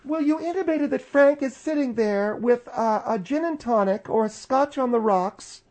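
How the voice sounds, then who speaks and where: A woman's voice: high-pitched, normal speed, darkish tone. Indignant, needling woman co-host. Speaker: radio co-host. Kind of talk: casual radio banter.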